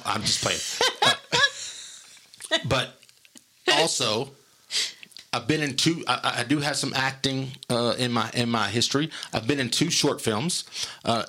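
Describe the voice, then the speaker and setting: A man's voice: medium pitch, pushed and bright. A man in casual podcast chat, rambling through stories, laughing often and acting out quotes. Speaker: guest telling stories.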